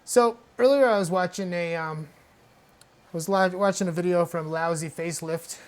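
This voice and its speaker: A man's voice: sits high, moderate pace. Chatty man teaching synth gear. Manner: loose and chatty, often tags "right?". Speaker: music tutorial host. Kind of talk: casual hardware tutorial.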